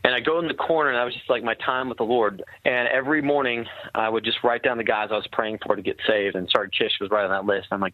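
A man speaks in an earnest, conversational way as he recounts his time as an army captain, often pausing and restarting with fillers. His voice sits at an ordinary middle pitch. It comes through a thin, tinny, phone-like line with a dry sound and no room echo. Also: steady tone. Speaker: former army captain telling a war story. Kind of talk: casual storytelling in conversation.

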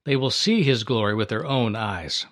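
A man reading a sorrowful gentle teacher. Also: fairly low pitch, expressive. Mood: tender. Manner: soft and slow, tender. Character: calm, sorrowful male teacher, adult.

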